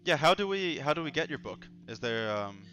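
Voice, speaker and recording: A man's voice: a little high, sing-song, brisk, sharp tone. A man hosting a casual livestream conversation in an easygoing, joking way, reading comments out as he goes. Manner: easygoing, joking, reads chat aloud. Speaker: host. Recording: dull lo-fi stream audio with faint music.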